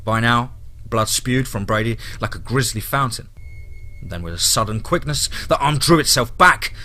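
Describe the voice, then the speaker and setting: Male horror narrator, bright tone, grim dramatic reading. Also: medium pitch, normal speed, soft background music.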